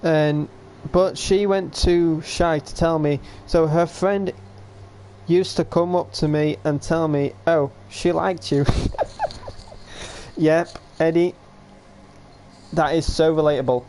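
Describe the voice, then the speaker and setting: This man's voice sits fairly high, with a darkish tone and a fairly even, slow delivery. Hosting a livestream, he tells a wandering story full of "I was like" quotes, punctuated by yawns and hiccups, over a slight hiss or hum.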